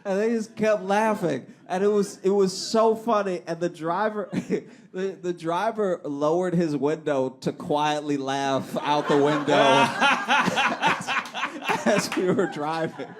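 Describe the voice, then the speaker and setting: A man's voice: sits high, slow pace, background noise. A man co-hosting a comedy podcast, telling a story to a live audience and laughing as he goes. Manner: animated storyteller, laughs through his story. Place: live stage venue.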